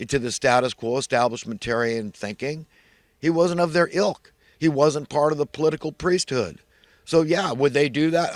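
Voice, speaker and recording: Male solo ranter, preachy and emphatic, mid-pitched voice, dry close sound. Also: dry recording. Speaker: vlogger. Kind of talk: solo rant monologue.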